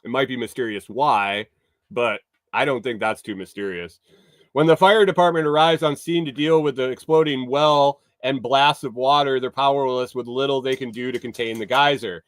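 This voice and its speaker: A man's voice: medium pitch, moderate pace, no echo. Sarcastic man riffing on news stories. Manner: sarcastic, rambling, swears, reads news aloud with asides. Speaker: livestream morning show host. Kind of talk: casual news commentary.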